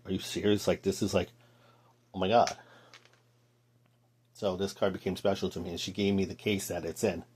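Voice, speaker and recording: Low-voiced man rambling about cards. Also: darkish tone. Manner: rambling, digressive, with many fillers. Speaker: card collector. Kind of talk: casual storytelling vlog.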